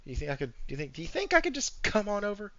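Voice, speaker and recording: A man voicing a sheepish man who quietly and hesitantly begs for his old job back. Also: high voice, wildly swooping pitch, very fast, no room sound, pitched above the performer's own voice, full character voice. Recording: dull lo-fi sound.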